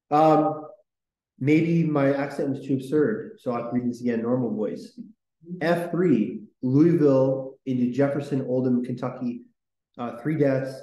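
A man's voice: mid-range voice, dark tone, echoey room, highs cut off. A man hosting a casual history podcast, talking in a rambling, enthusiastic way with lots of fillers. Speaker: podcast host.

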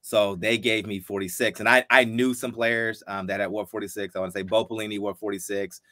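A man in his fifties from Ohio with a lowish, bright, forceful voice. He tells animated stories in a casual interview and acts out each line of dialogue. The sound is dry and close. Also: fairly quick, no room sound. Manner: animated storyteller who acts out quoted dialogue. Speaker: guest, former football player.

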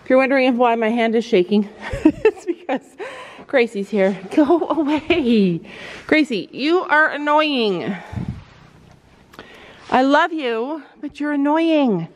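A woman's voice: high-pitched, animated, a little slow, dull audio, a little hiss or hum. A woman vlogging outdoors at a horse barn, chatting casually, laughing often and cooing in baby talk to the animals, recorded on a handheld camera. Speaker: mom vlogger. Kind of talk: casual vlog chat.

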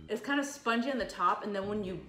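A woman's voice: medium pitch, fast talker, sharp tone, echoey room, faint music behind. A woman hosting a casual food review vlog, chatty and joking, teasing herself as she tastes. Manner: chatty, joking, self-deprecating.

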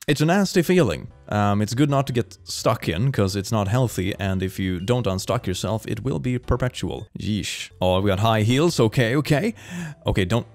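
A man giving casual, animated commentary on video clips, laughing often and breaking into quick exclamations. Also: lowish voice, faint music behind. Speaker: reaction video host.

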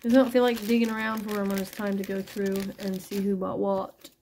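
A woman's voice: medium pitch, level tone, fairly quick, a little mellow, slight background noise. A woman chatting casually as she shows and prices jewelry pieces one by one, talking to her viewers. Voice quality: gravelly, husky. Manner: chatty, pricing each piece aloud as she goes. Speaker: online jewelry seller. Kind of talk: casual live sales chat.

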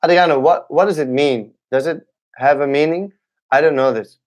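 A young man, a capoeira teacher, chatting casually on a livestream, halting and restarting his sentences often. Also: fairly high pitch. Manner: halting, with many restarts and fillers. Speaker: capoeira instructor.

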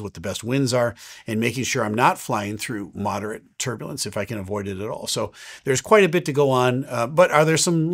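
Fiftyish guy, airline captain, answering questions all relaxed, lots of uhs, medium voice. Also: mid-range voice. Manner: relaxed and explanatory, with frequent "uh" fillers. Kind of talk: casual question-and-answer chat.

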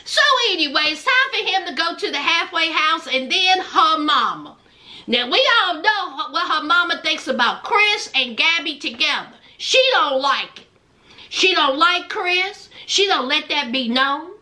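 A woman with a very high, bright, sharp voice dishes gossip about a reality show. She talks slowly and with sass, and her pitch swoops up and down in big animated arcs. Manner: sassy, gossipy, calls listeners "child" and "honey". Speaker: reality show recap host. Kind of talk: casual sassy show recap.

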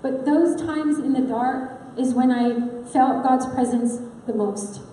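A woman's voice: high voice, fairly even intonation, takes it slowly, warm tone. A woman preaching an earnest, personal sermon in a church sanctuary, talking conversationally with frequent fillers. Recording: echoey hall with long reverb.

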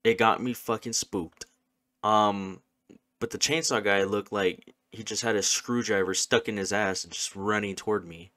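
A man's voice: on the low side, fairly even intonation, normal speed, fairly bright tone, no echo, studio quality. Jumpy young man playing a horror game. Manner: jumpy, swearing, nervous chatter. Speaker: gaming YouTuber. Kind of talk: horror game let's play commentary.

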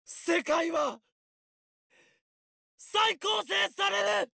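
A man's voice: very high voice, takes it slowly, gravelly, dry recording, studio quality, full character voice. An actor voicing a grandiose young male mad scientist in a visual novel, proclaiming his lines theatrically. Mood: triumphant. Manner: theatrical, proclaiming, shouted declarations.

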